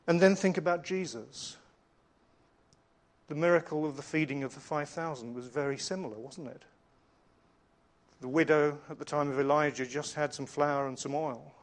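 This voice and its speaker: Preacher: middle-aged man, a touch high-pitched, earnest storytelling sermon. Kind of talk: sermon with slides.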